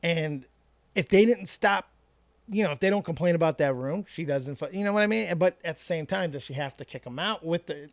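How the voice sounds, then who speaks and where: A man co-hosting a podcast, chatting casually and joking, with sudden leaps in pitch and loudness. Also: brisk, no echo. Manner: animated, joking, big jumps in pitch and volume. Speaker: podcast co-host. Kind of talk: casual podcast chat reacting to clips.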